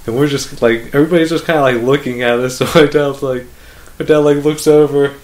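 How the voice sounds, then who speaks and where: With a medium-pitched, steady, slightly mellow voice that runs a little fast, a young podcast co-host chats casually through a travel story. Expect plenty of "like," some cursing, and frequent laughter as he rambles on.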